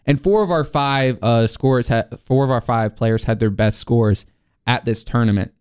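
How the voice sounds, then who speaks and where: A man's voice: mid-range voice, moderate pace, a little mellow, clean tone, no echo, clean studio sound. A young man hosting a casual college sports show, running through golf results with fillers and asides. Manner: chatty, reads results with fillers.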